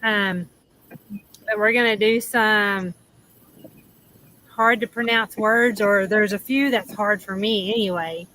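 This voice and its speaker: A woman's voice: mid-range voice, fairly even intonation, slow pace, pauses often, bright, forceful tone, a little hiss or hum, low-quality recording. A woman with a Southern accent hosting a casual livestream chat from outdoors, chatty and laughing, trailing off with ums. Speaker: livestream host. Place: outdoors in the shade under an awning.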